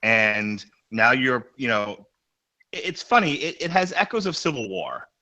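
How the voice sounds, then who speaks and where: This comics podcast co-host has a slightly high voice and speaks at a moderate pace over a rough recording. He chats casually and with animation, wandering from point to point and restarting often.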